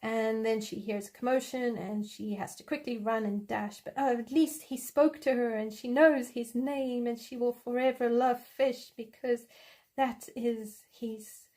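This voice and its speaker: A woman chats on a coloring livestream from home in a giggly, playful way, with a fairly high voice. She talks slowly and unhurriedly as she makes up a story. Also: steady tone, dark tone. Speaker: livestream host. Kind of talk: casual chat while coloring, improvising a story.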